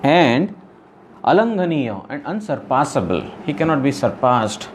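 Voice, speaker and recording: A man teaching scripture in a devotional lecture, his voice sitting at an ordinary middle pitch. He explains earnestly, circling back over his phrases and leaning on "you know". A light hiss sits faintly under the recording. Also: very animated, unhurried. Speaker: spiritual teacher.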